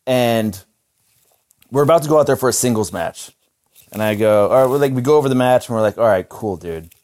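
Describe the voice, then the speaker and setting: A man's voice: medium pitch, a little fast, darkish tone. A man who is a former wrestler, hosting a casual podcast chat and telling stories full of swearing and laughter. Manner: profane, laughing storyteller.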